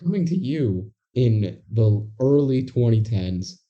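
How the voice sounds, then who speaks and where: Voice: medium pitch, slow pace, dull audio. Young podcast co-host with dry quips. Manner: dry, wry asides and deadpan quips. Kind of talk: casual movie recap chat.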